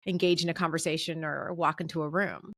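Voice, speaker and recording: Bright, emphatic woman in her thirties. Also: sits low, steady tone, fairly quick, no echo, studio quality. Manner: emphatic, preacher-like encouragement. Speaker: guest, communications professor. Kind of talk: conversational podcast interview.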